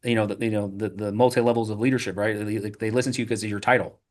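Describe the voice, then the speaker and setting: A man, a podcast guest, telling animated stories in a casual interview, full of restarts and repeated "right?" tags. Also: fairly low pitch. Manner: rapid, animated storytelling with frequent "right?" and filler restarts.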